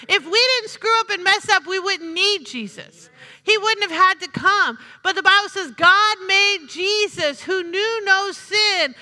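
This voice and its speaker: A woman's voice: very high-pitched, sharp tone. A woman preaching a sermon in a chatty, humorous way, calling out to the congregation for responses. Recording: reverberant hall.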